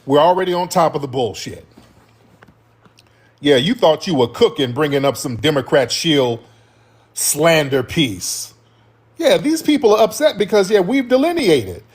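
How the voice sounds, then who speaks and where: A man's voice: fairly high pitch, expressive, measured pace, slightly rough. A man hosting a heated livestream, talking to his chat in a combative, slangy way with plenty of swearing. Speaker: livestream host.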